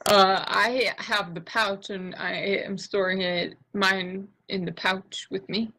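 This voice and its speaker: A woman's voice: medium pitch, flat delivery, slow pace, pushed and bright, poor audio. A woman playing in a tabletop game, chatting casually and pressing with eager questions. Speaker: player.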